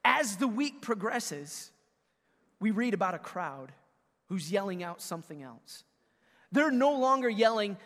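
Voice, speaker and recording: A man pastor preaching a sermon to his congregation, swinging from booming, emphatic lines to hushed ones and speaking straight to the listeners. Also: unhurried, big-room sound. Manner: talks directly to the congregation.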